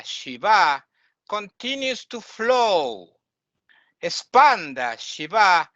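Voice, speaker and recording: Guy teaching a lecture, kinda high voice, slow, checks in with the class a lot. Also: sharp tone, dry recording. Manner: unhurried, explains terms, asks listeners questions. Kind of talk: spiritual lecture.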